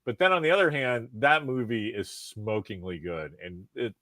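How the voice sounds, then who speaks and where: A man hosting a podcast, talking in a rambling, profane, animated way with lots of restarts. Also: medium pitch, moderate pace, dry recording. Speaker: podcast host. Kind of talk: casual chat.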